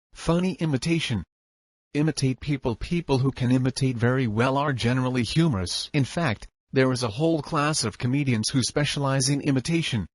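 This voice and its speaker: A man's voice: medium pitch, no room sound. Man narrating an audiobook, dry sound. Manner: even, instructive reading.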